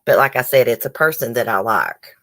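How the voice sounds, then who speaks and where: Woman, low voice, casual stream host, chatty, reads comments aloud. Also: expressive, a little fast, fairly bright tone. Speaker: YouTube host. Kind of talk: casual live-stream chat.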